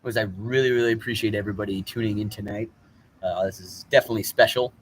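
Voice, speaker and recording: A man's voice: lowish voice, fairly even intonation, fast talker, a little hiss or hum. Rambling, profane man live-streaming outdoors. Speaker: vlogger. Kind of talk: live-streamed walking vlog. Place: outdoors at a motel parking lot in light rain.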